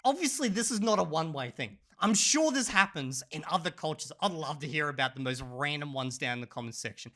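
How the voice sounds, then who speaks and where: A man telling a story in a casual vlog, animated and profane, often breaking into laughter. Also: on the high side, brisk, few pauses. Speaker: channel host.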